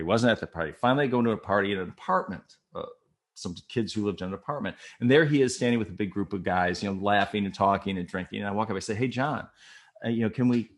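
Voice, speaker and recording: A man from Minnesota telling an emotional personal story, acting out the voices and swinging from quiet to loud. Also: fairly low pitch. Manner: animated, acts out voices, swings from soft to loud.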